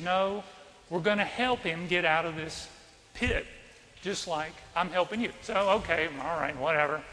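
A man's voice: on the high side, pushed and bright, slight background noise. A man from North Carolina, a priest, preaching a sermon in a church and telling a personal story in a conversational way, asking the congregation questions. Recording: reverberant church hall.

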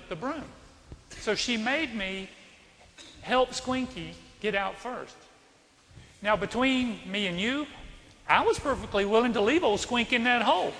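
High-voiced man preaching in a reverberant church. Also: bright, forceful tone, slight background noise. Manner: conversational storytelling, asks the congregation questions. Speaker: priest. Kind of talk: sermon with a personal story.

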